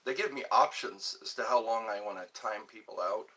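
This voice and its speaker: Faint music plays behind a man whose low-leaning voice is brisk, bright, and forceful. He's a Georgia-born livestream host who rambles through casual chat, reads viewers' messages aloud, and chuckles to himself.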